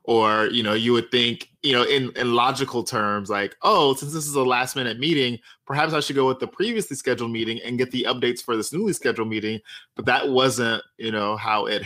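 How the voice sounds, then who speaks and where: A man with a bright, forceful tone joins a casual podcast chat. He retells a workplace story wryly, acting out what people said. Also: lowish voice. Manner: wry, animated retelling with acted-out quotes.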